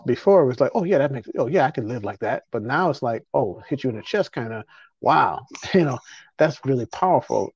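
A man's voice: mid-range voice, a little mellow, no room sound. A middle-aged man hosting a podcast, talking in a rambling, emotional way with frequent restarts. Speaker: podcast host. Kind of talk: casual conversation. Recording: dull lo-fi podcast audio.

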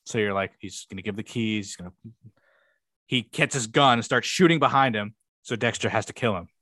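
A man's voice: lowish voice, a little fast, sharp tone, no echo. Profane young man rambling through a recap. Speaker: podcast co-host. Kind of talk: casual chat.

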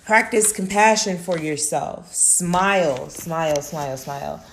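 A woman's voice: fairly low pitch, unhurried, a little hiss or hum. A woman hosting her own podcast, wrapping up a solo episode in a laid-back, profane, affirming way. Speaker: podcast host. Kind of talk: casual solo podcast wrap-up.

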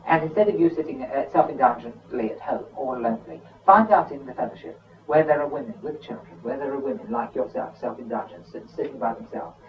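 A man's voice: medium pitch, a little fast, hardly any pauses. A man preaching a sermon in an emphatic, conversational way, with frequent asides to the listeners. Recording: dull sound from a distant mic.

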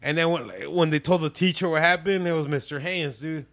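Crude, loud-joking podcast co-host, a man. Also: a little high, fairly even intonation, a little fast, dry recording. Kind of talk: casual podcast chat.

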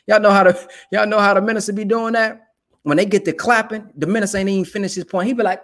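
A man's voice: sits high, quick pace, fairly bright tone. A young man giving emphatic, preachy commentary in casual, colloquial talk. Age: young adult. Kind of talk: casual direct-to-camera commentary.

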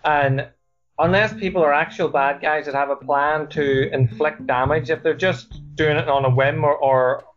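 A man's voice: fairly high pitch, steady tone, normal speed, lo-fi sound, soft background music. A man with a Northern Irish accent, a guest coach, explaining things earnestly in a casual interview. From Northern Ireland.

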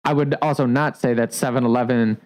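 Picture a laid-back man chatting casually on a podcast, his voice sitting in an ordinary middle pitch. He rambles loosely, stacking up fillers as he explains the finer points of making coffee drinks. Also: a little fast, rough recording. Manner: relaxed, rambling, many fillers like "like". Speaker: coffee shop barista.

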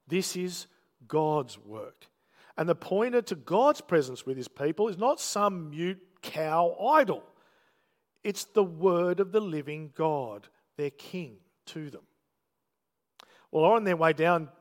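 A man's voice: fairly high pitch, lively intonation, measured pace, in a large hall. A man preaching a sermon, telling the story with emphatic, dramatic delivery and quoted lines.

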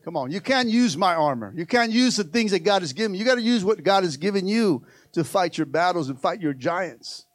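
A male pastor preaching an animated sermon, calling out to the congregation again and again. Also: high voice, brisk, few pauses, dry recording.

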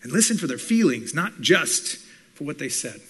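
A man delivers a sermon with the energy of a classroom lecture. His voice is bright and sits a little high. He slips into quick acted-out voices for the people he quotes. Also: husky. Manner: animated teaching, acts out quoted listeners. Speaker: pastor and communications professor.

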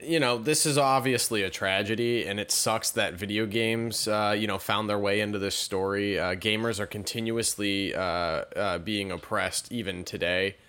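A man's voice: lowish voice, moderate pace, hardly any pauses, bright, forceful tone, smooth. A man hosting a casual news commentary show, reading articles aloud and adding sarcastic asides. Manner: reads headlines then riffs with sarcastic asides.

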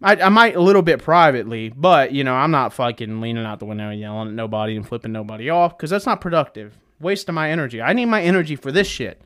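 A man's voice: medium pitch, fast, few pauses, a bit bright. A young man giving a heated, profane, rambling monologue, full of fillers and restarts. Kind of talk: casual ranting monologue.

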